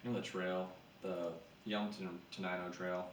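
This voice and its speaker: A man's voice: sits low, level tone, moderate pace. A young man co-hosting a podcast, telling a rambling, profane story in casual chat. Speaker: podcast co-host. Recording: echoey room, mic far off, faint noise.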